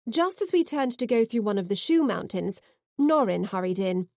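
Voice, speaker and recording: A woman narrating a science fiction novel in the first person, expressive and heartfelt. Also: medium pitch, moderate pace, vocal fry, no room sound, studio quality. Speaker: audiobook narrator.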